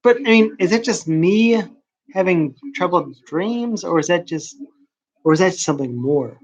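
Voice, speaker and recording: A man vlogging in a casual late-night monologue, rambling and confessional with hushed asides. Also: high voice, expressive, measured pace.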